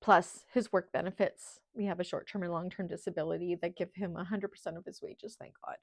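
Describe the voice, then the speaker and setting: A middle-aged woman, a channel host in casual livestream chat, talking in a heartfelt, halting way with many ums while holding back tears. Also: fairly low pitch, fairly even intonation, no echo, studio quality. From Canada.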